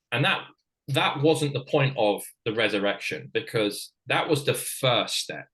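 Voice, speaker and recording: A middle-aged man from Britain, a former hockey player and coach, telling a personal story frankly in halting, restarting sentences. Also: fairly low pitch, fairly bright tone, low-quality recording.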